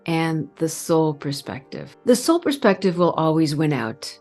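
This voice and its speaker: A middle-aged woman giving a calm, earnest spiritual talk, pausing and stretching words. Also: sits low, faint music behind. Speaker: spiritual channel host. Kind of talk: reflective spiritual talk to camera.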